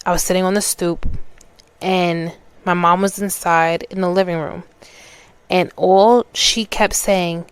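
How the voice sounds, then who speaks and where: A woman's voice: lowish voice, fairly even intonation, normal speed, clear, resonant tone, no room sound. A woman, hosting a podcast and telling a personal story in a loose, conversational way, restarting her sentences and acting out what people said. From New York. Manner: conversational, restarts mid-sentence, acts out quoted dialogue. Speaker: podcast host.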